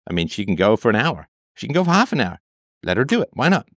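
A man's voice: lowish voice, very animated, fast talker, a bit bright, no room sound, clean studio sound. A man reading a text aloud and cutting in with sarcastic, emphatic commentary, often repeating phrases for effect.

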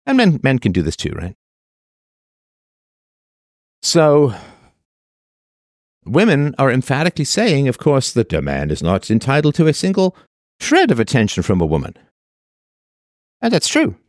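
A man's voice: mid-range voice, huge pitch swings, a little slow, pauses often, dry recording, studio quality. A man delivering a monologue of commentary in a sarcastic manner, now and then mocking the voices of the people he quotes.

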